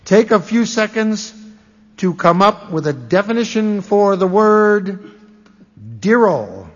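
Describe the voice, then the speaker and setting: A man hosting a live radio word game, teasing the players with drawn-out reveals before an audience. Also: high-pitched, very animated, in a large hall, dull audio. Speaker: quiz show host.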